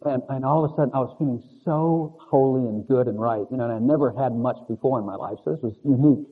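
A man's voice: medium pitch, fast, husky. A man preaching a conversational sermon in a rambling, confessional way with chuckling asides. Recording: narrow phone-like lo-fi sound.

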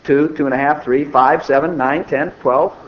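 A man's voice: on the high side, steady tone, normal speed. An older man giving an informal, conversational sermon, acting out little dialogues as he goes. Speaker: preacher. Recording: dull lo-fi recording with faint noise.

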